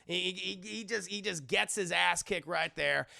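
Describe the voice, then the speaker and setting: A man recaps a cartoon episode for his live chat in a high, gravelly voice. He swears freely and slips into character voices. His tone is bright and forceful. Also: unhurried. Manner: animated, profane storytelling with acted voices. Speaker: anime review streamer.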